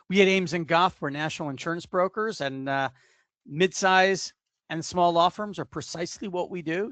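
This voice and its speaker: A man's voice: on the high side, a bit bright, no room sound. A man co-presenting a webinar, jovial and playful, on a video call.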